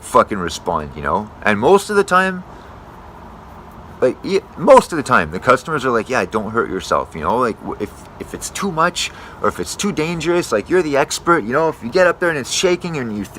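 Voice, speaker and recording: A man's voice: mid-range voice, sharp tone, slight background noise. A young man, a tree climber, ranting casually and rambling while swearing constantly. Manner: rambling, self-correcting. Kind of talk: casual rant to camera.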